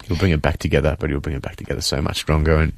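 Male guest, deep voice, earnest and halting, dry studio mic. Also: flat delivery, gravelly, no echo. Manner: earnest, halting, many fillers. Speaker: interview guest. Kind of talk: emotional faith testimony.

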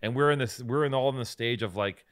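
A man in his forties cohosting a podcast, talking in loose, rambling, profanity-laced stories. His voice sits at an ordinary middle pitch and sounds close and dry, with no room around it. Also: fast, clean tone, no room sound. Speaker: podcast co-host. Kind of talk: casual chat.

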